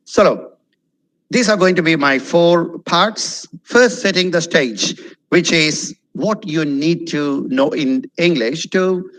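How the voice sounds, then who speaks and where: Animated man drilling English pronunciation. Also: on the high side, takes it slowly, poor audio. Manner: animated, repeats words for drill, checks in with "okay?". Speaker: webinar speaker on spoken English. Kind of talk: online lecture. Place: webinar, video call.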